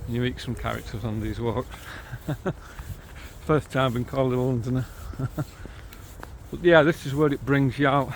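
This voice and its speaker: A man's voice: medium pitch, fairly even intonation, fairly quick, hardly any pauses, a little hiss or hum. Local St Helens man, middle-aged, cheerful casual guide filming a walk outdoors on a handheld camera. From St Helens, England. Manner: chatty, easygoing, cheerful about local sights. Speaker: vlogger guiding a railway walk. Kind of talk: casual walking-tour narration. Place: outdoors by canals and old railway line. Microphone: handheld camera while walking.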